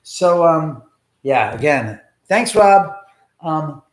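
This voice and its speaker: A man's voice: a little high, animated, very slow. Rambling, swearing man in an echoey room. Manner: rambling, profane, laughing storyteller. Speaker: live stream host. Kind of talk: casual live-stream storytelling. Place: his home, indoors.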